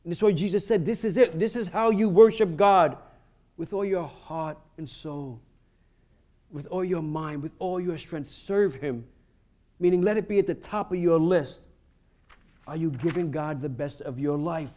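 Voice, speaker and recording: A pastor preaches a sermon, pleading with his congregation and rising to fervent emphasis, often throwing in a quick "huh?". His voice is a little high and mellow.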